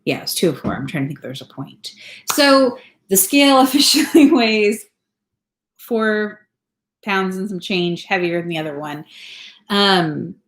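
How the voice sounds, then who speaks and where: A woman's voice: on the low side, normal speed, a bit bright, echoey room. A woman in her thirties from California, chatting casually on a home live stream, rambling and laughing often. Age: 30s. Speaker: vlogger. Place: home, indoors.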